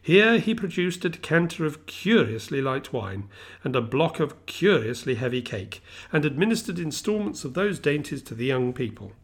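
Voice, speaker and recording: A middle-aged man reads a classic novel aloud in a measured, expressive storytelling voice. His pitch sits in an ordinary middle range, and his phrasing rises and falls with the story. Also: breathy edge. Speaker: reader.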